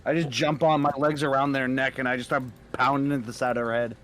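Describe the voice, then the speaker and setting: A young man playing a tabletop game over a voice call, excitable and swearing freely. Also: mid-range voice, fast, slight background noise. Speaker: player. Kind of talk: casual chat while playing a tabletop game.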